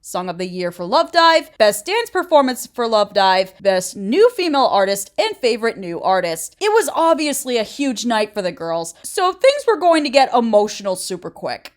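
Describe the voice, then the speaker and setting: A woman's voice: fairly high pitch, sing-song, moderate pace, few pauses. A woman in her late twenties narrating a commentary video essay in a sassy, blunt, opinionated way. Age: 20s. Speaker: YouTuber.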